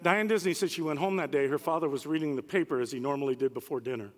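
A man's voice: on the high side, fast talker. A man preaching a sermon, fervent and emphatic, in a large conference hall. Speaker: pastor.

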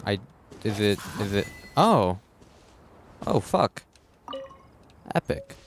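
A man's voice: fairly low pitch, very animated, slow, creaky, slight background noise. A man live streaming a game in casual chat, distracted and muttering hold on as he fixes settings, swearing casually and talking back to chat. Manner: distracted, keeps saying hold on while fiddling with settings.

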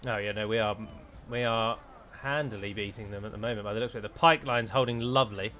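A man's voice: on the low side, fairly even intonation, fast talker, a bit bright. A British man commentating on his strategy game, exasperated and swearing freely as the battle goes wrong. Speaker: strategy game let's-player. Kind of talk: gameplay commentary.

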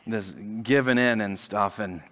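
A man preaching a sermon as pastor, conversational and animated, with frequent restarts and acted-out quotes. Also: fairly low pitch, a little slow, big-room sound. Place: church sanctuary.

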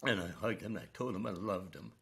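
Older man, low voice, retired principal, earnest storyteller, interview guest. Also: animated, a bit bright. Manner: slow, earnest storytelling with quoted dialogue.

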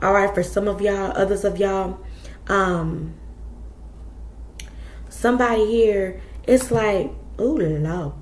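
A woman's voice: mid-range voice, slow pace, long pauses, roomy sound, a little hiss or hum. A woman giving a casual tarot reading, talking bluntly and chattily to her viewers with plenty of profanity. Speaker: tarot reader.

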